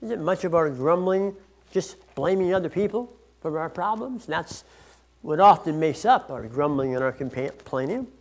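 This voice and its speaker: A man's voice: on the high side, expressive, normal speed. A man preaching a sermon in an earnest, explanatory way, restarting phrases now and then. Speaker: pastor.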